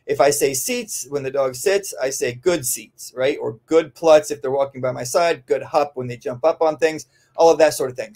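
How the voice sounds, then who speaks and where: Male dog trainer for a podcast Q&A, slightly high-pitched, loose and conversational with lots of "um" and "right?". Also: darkish tone. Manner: conversational, frequent "um" and tag "right?". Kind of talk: podcast Q&A, answering listener questions.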